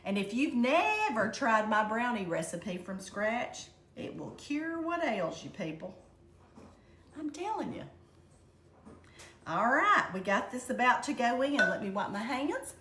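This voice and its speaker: A woman's voice: a little high, sing-song, measured pace, a bit bright. An older Southern woman with a Southern American accent, chatting folksily through a home cooking demonstration. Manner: chatty, folksy, addresses viewers as y'all. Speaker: home cook. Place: home kitchen. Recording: echoey kitchen with background noise.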